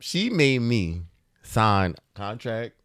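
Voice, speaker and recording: A man in his thirties, a podcast co-host telling a story in casual chat, animated and laughing often as he acts out the voices. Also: on the low side, very slow, smooth.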